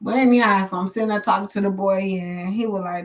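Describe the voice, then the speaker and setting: A woman's voice: medium pitch, steady tone, fairly quick, few pauses. A woman, a tarot streamer telling her viewers a long personal story in a profane, emotional, run-on way.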